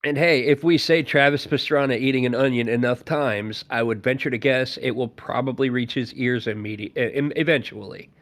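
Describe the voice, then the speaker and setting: A man's voice: medium pitch, brisk, few pauses, fairly bright tone. A man hosting a podcast, chatting casually and riffing sarcastically. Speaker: podcast host. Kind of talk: casual chat.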